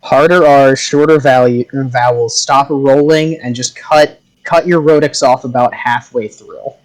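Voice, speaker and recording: A man's voice: medium pitch, steady tone, a little slow, poor audio. A man, the game master, chatting theatrically with his players during a break on a video call. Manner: theatrical, self-described drama kid.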